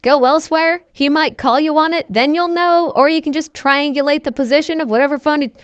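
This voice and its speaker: Woman playing a male action hero, middle-aged, clipped, flat, stern, dry close sound. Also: high voice, fairly quick, no room sound, dull audio, voice pushed up, lightly acted.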